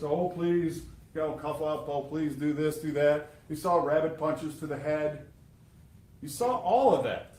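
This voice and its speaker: A man's voice: on the high side, a little mellow. A man giving a prosecutor's closing argument to a jury, emphatic and sarcastic. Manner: emphatic and sarcastic, addressing jurors. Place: courtroom. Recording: echoey courtroom sound.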